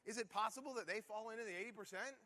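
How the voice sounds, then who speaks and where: A man's voice: high voice, rapid-fire, bright, forceful tone. A man giving a motivational keynote talk to a conference audience, firing off punchy rhetorical questions. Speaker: conference speaker.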